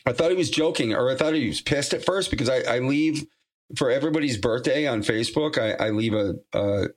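A man's voice: mid-range voice, fairly quick. A man telling stories as a guest on a podcast, rambling with frequent restarts and fillers, and laughing easily. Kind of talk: casual storytelling interview.

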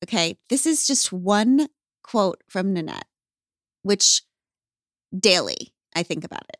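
A woman hosting a podcast, telling stories in an emphatic, animated way. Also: medium pitch, slow, no echo, studio quality. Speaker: podcast host. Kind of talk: casual podcast chat.

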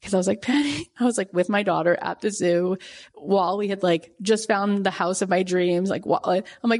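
A woman in her forties hosting a casual motivational talk, animated and acting out her own reactions in quoted asides. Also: medium pitch, moderate pace. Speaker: podcast host.

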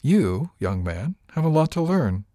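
A man voicing a dignified, dry-witted older woman judge in an audiobook, speaking formally and measured. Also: medium pitch, sing-song, dark tone, no echo, pitched above the performer's own voice. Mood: stern.

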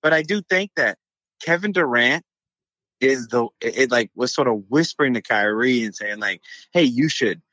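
A man's voice: mid-range voice, expressive, moderate pace, sharp tone, no room sound. A man, a podcast co-host, giving blunt, profane opinions in casual sports chat.

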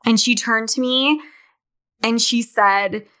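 A candid young woman in her twenties talks through a casual podcast monologue, filling her sentences with "like" and the odd swear word. Her voice sits a little on the high side. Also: fairly even intonation, takes it slowly, pushed and bright. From Salt Lake City, Utah, USA. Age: 20s. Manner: candid, chatty, swears freely, says "like" often. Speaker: podcast host.

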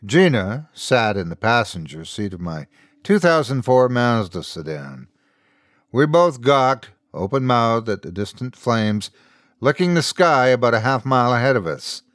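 A man's voice: medium pitch, measured pace, no echo. A man narrating a scripted horror story as host, in a dry, close recording. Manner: storytelling, expressive.

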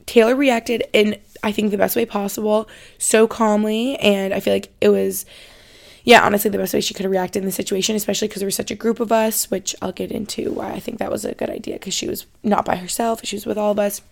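Gravelly-voiced young woman podcaster. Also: mid-range voice, level tone, quick pace, darkish tone. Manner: chatty, rambling, self-correcting. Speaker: podcast host. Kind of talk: casual storytelling monologue.

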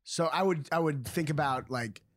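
A man's voice: fairly high pitch, normal speed, fairly bright tone, dry recording, studio quality. A man co-hosting a podcast in casual chat who laughs often while telling stories. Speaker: podcast co-host.

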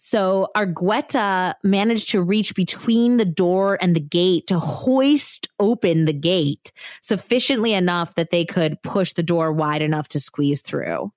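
Woman podcaster retelling a true crime case, lowish voice, lots of likes and you knows, dry close sound. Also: measured pace, hardly any pauses, darkish tone, no room sound. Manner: chatty, lots of "like" and "you know" fillers. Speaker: podcast host. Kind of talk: casual true-crime storytelling.

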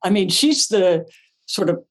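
A woman actress as a podcast guest, telling animated stories, acting out her own past lines and swearing casually. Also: on the low side, a little slow. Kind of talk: animated storytelling.

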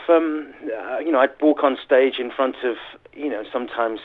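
A man's voice: mid-range voice, normal speed. A middle-aged man from Sussex, a musician guest telling chatty, self-mocking stories in an interview over the phone. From Sussex, England. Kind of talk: interview anecdotes. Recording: tinny phone line.

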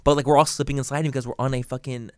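A young man talks fast in a casual podcast chat, swearing and piling on fillers as he rambles through a story. His voice sounds close and dry, with no room around it. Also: medium pitch, level tone, a little mellow, no room sound. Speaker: podcast co-host.

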